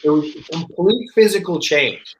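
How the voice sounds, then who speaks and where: A man chatting as a guest on a podcast, telling anecdotes with lively energy. His voice sits a bit high and he slips into other people's voices as he quotes them. The sound is roomy, with a noticeable echo. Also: moderate pace, a little hiss or hum. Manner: animated storyteller, acts out quoted voices. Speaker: guest actor. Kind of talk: casual podcast chat.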